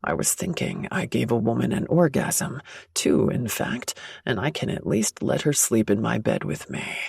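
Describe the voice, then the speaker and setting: A confident, flirtatious man speaks low and unhurried, teasing with a husky, slightly gravelly edge, as a woman narrator puts him on. The sound is dry and close, as in an audiobook. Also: expressive, darkish tone, no room sound, heavily acted.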